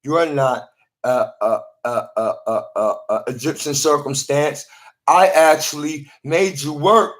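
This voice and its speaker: A man's voice: on the high side, a little slow. Man rambling into a phone. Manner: rambling, repeats and restarts phrases. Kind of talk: rambling monologue to camera.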